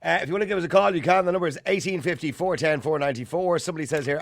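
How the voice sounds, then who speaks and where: A man's voice: fairly high pitch, very fast, few pauses, no echo, clean studio sound. A man with an Irish accent hosting a phone-in radio show, cutting in to steer the callers. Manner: lively, cuts in to steer callers. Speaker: radio talk show host.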